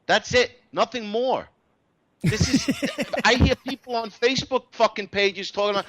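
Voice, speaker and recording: A man's voice: very high-pitched, normal speed, fairly bright tone. A man on a casual podcast who rants animatedly and swears a lot.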